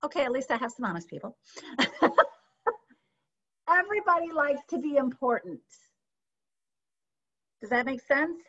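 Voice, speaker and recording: A woman teaching a sales training session, lively and often checking in with her audience with questions. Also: high-pitched, a little slow, long pauses. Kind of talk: training session on a video call. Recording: slightly dull lo-fi sound.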